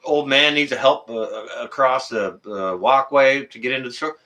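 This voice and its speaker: Male stream host, heated and indignant, bright forceful voice, swears then apologizes. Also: mid-range voice, normal speed. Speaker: livestream host. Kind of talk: heated livestream rant.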